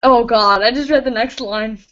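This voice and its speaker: A young woman reading fanfiction aloud with a friend over a video call, giggly and bossy with quick asides. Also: a bit bright. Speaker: fanfic reader, co-host. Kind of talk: casual chat and reading aloud. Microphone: computer mic on a video call. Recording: muffled low-fi computer mic.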